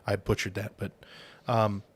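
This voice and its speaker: A man co-hosting a casual podcast, telling a story in a relaxed, halting way. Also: fairly low pitch, husky. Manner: telling a story with fillers and restarts. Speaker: podcast co-host.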